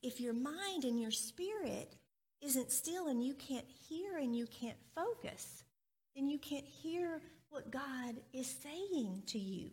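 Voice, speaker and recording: A woman with a high, bright-pitched voice gives a children's sermon in a church sanctuary. She speaks slowly and unhurriedly, and keeps turning to the children with friendly questions. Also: animated. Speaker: children's minister.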